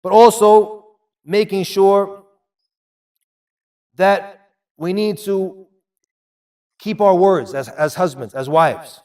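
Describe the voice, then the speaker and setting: A man preaching a sermon, emphatic and repetitive, dropping into quieter asides. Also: sits high, takes it slowly, long pauses, recorded from a distance. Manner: emphatic, repeats phrases, drops to quiet asides. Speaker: Islamic preacher.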